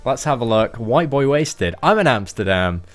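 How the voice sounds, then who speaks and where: A young man talks loosely and slangily to his viewers while he plays a game on stream. His voice sits at an ordinary, middling pitch, and he rambles from one thought to the next in a relaxed, chatty way. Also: moderate pace, soft background music. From England. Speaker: gaming livestreamer. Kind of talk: casual livestream chat.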